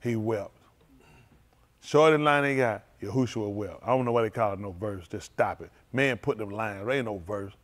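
A man preaching a sermon as pastor, in informal, vernacular speech that swings from low murmurs to loud exclaiming. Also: moderate pace. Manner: speaks in informal, vernacular English.

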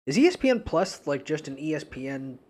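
A young New man with a fairly high voice rambles through a casual podcast chat. He swears constantly and breaks into laughter often. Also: very animated, fairly quick, darkish tone. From New Hampshire. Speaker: podcast co-host.

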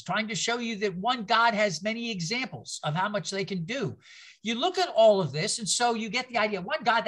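A man's voice: high-pitched, sharp tone. An older man giving a conversational Bible-class lecture. He tells rambling stories with self-mocking humor, and he often repeats words and restarts his sentences.

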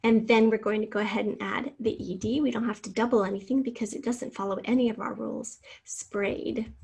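A woman teacher giving a recorded spelling lesson over slides, spelling out letters slowly and patiently. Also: fairly high pitch, fairly even intonation, gravelly, darkish tone, husky.

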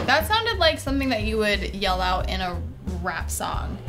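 A woman's voice: mid-range voice, big pitch swings, moderate pace, over music. A woman guesting on a channel, chatting casually in a teasing, sarcastic way. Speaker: guest collaborator. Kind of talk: casual chat while taste-testing.

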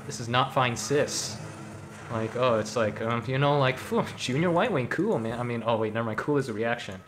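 A man's voice: medium pitch, normal speed, fairly bright tone. Rambling joking young man streamer. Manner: joking, rambling, many fillers, slangy. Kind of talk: casual gacha stream commentary.

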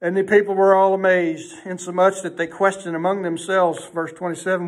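A man preaching a sermon in a folksy way, emphatic and swinging between loud and hushed delivery. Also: high-pitched, flat delivery, fairly quick, few pauses.

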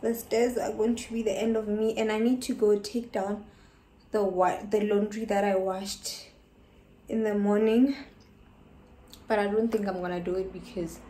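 At home, a South African woman films a casual haul vlog, sounding tired and short of breath. She's chatty and excitable, at times dropping to a whisper, with a medium-pitched voice. Slight background noise can be heard.

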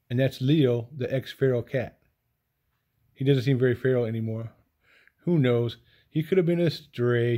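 A man filming his cats at home on his lap, chatting softly and affectionately to them and his viewers in a casual way. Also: medium pitch. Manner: soft, affectionate, talks to the cats in baby talk. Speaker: cat owner vlogger. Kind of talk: casual home video chat to pets and viewers.

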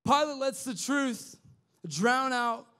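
A man preaching a youth sermon, impassioned and conversational, with slang and restarts, swinging from quiet to shouting. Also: very high voice, lively intonation, slow, clear, resonant tone. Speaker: youth pastor. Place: youth service hall.

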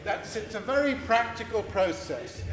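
A man's voice: high voice, lively intonation, normal speed. A man leading an audience through a forum theatre game in a large hall, playful and encouraging as he explains the rules. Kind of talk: guiding a live audience.

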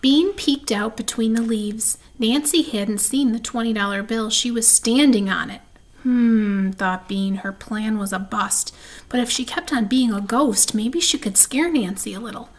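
A woman's voice: on the high side, normal speed, poor audio. Woman reading a children's book aloud. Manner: describes the pictures between passages. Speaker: reader.

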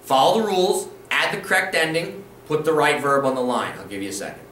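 A man's voice: a little high, sing-song, brisk, fairly bright tone, recorded from a distance. Patient male language teacher in an echoey room. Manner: patient, encouraging, repeats rules and checks in with "okay?". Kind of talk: instructional video lesson. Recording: roomy echo, voice a bit off-mic, faint room noise.

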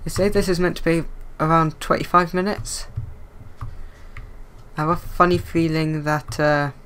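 A man's voice: on the high side, steady tone, moderate pace, a bit bright, clear, resonant tone. A man giving dry, self-mocking let's-play commentary as a gaming YouTuber.

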